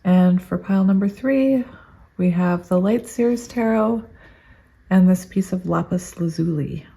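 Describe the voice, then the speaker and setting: A woman's voice: fairly low pitch, a little slow, gravelly, dark tone. A woman giving a casual tarot reading to her viewers, chatty and gushing, thinking aloud as she goes. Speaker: tarot reader.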